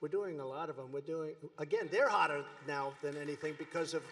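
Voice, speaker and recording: An American man in his seventies speaks at a political rally, rambling from point to point with boastful, mocking asides. His voice sits high for a man. It rings out with the long reverb of a big rally hall. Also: a little fast, fairly bright tone. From United States. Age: 70s. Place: large rally venue before a crowd.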